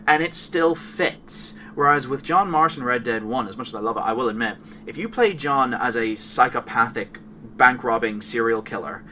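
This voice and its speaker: This podcast co-host talks about video games with rambling enthusiasm, often correcting himself mid-sentence. His medium-pitched voice sounds pushed and bright. He's recorded from a distance, with slight background noise.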